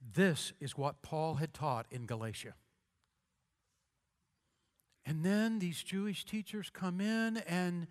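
A pastor preaching a sermon with a preacher's cadence, repeating lines and calling on the congregation to answer. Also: male voice, fairly high pitch, animated, unhurried. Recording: long hall reverb.

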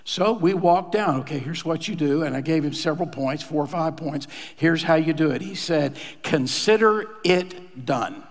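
A man's voice: a little high, moderate pace, creaky, few pauses, in a large hall. A male pastor telling a story in a sermon, acting out the lines he quotes in a conversational way.

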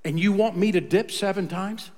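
A man's voice: high voice, normal speed, darkish tone, big-room sound, natural voice. A man preaching voices a proud army commander who is furious at being slighted. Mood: indignant. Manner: haughty, outraged.

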